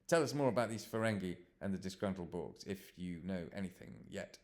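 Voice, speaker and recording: A man's voice: low voice, lively intonation, fairly quick. A man voicing a smug male starship show host who talks in a breezy, self-assured, pushy way.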